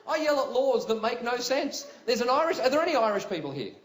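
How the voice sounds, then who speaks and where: Animated Australian man doing stand-up. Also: very high voice, quick pace, heavy background noise. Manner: animated storytelling, acts out voices, big yelling bursts. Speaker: stand-up comedian. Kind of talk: stand-up comedy routine. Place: live venue with audience laughter. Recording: roomy live venue sound with loud ambience.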